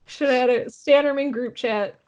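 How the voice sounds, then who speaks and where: A woman's voice: high-pitched, darkish tone. A woman co-hosting a podcast in casual chat, playful and giggly, reading out listener comments. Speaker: podcast co-host.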